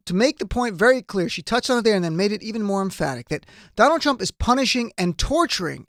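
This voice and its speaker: A man's voice: high-pitched, dry recording, studio quality. A man hosting a political talk show, delivering emphatic, indignant commentary. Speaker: radio talk show host.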